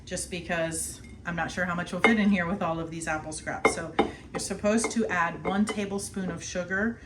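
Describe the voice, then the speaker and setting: A woman's voice: lowish voice, steady tone, normal speed, very noisy. Chatty woman showing kitchen work. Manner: chatty, laughs often, talks while snacking. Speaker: homestead vlogger. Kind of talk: casual cooking demonstration. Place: home kitchen.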